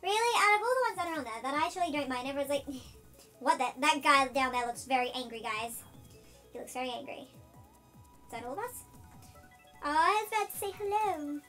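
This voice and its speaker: A gaming host chats through a let's-play in a high, squeaky chipmunk-filtered voice. The talk is excitable and quick to burst into shouts at the race. Loud game music plays steadily behind the voice. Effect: chipmunk pitch-shifted voice. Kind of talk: casual let's-play commentary.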